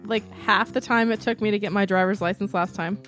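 A woman's voice: medium pitch, steady tone, fairly quick, fairly bright tone, faint music behind. A woman in a casual podcast chat, chiming in with dry remarks.

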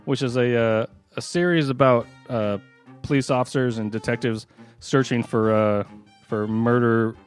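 A man's voice: medium pitch, fairly even intonation, moderate pace, faint music behind. A man co-hosting a podcast, telling a story in casual chat, rambling and often laughing. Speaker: podcast co-host.

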